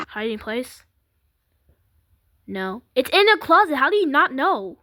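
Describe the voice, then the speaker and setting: A woman's voice: high-pitched, big pitch swings, a little slow, pauses often. A woman doing let's-play commentary, reading game dialogue aloud and gasping and squealing at the scares. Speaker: gameplay commentator. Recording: loud game music over the voice.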